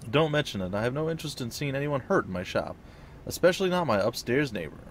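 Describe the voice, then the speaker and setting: A man voicing a cultured, pleasant middle-aged male drone engineer in a video game, speaking in a polite, measured way. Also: mid-range voice, expressive, slight background noise, close to an everyday voice. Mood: courteous.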